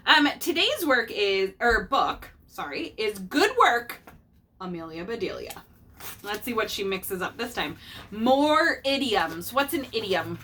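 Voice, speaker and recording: A woman reading a picture book aloud to her child, pausing to explain idioms and acting out the characters. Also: mid-range voice, big pitch swings, bright, forceful tone, a little hiss or hum.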